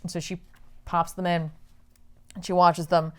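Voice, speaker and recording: A woman's voice: on the low side, level tone. A woman hosting a casual podcast, retelling a comic's plot in a chatty way, full of "like" and "you know", now and then snapping into characters' lines. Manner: acts out characters' lines in quick bursts. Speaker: podcast host recapping a comic. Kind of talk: casual chat, retelling a story.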